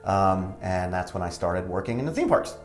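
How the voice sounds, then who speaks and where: A man's voice: low-pitched, expressive, moderate pace, roomy sound, soft background music. A man in his forties, a comedian and actor, telling stories in a casual, wisecracking way in an interview. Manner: wisecracking, acts out quoted people.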